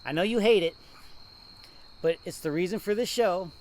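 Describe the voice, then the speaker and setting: A man co-hosting a casual local football show, ranting and telling stories with animated laughs. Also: high voice, normal speed, a little hiss or hum. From Ohio, USA. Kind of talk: casual rant.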